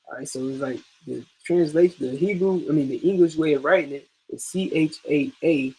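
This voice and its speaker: Patient male instructor, husky and unhurried, drills points one by one for an online class. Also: fairly high pitch, low-quality recording. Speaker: teacher.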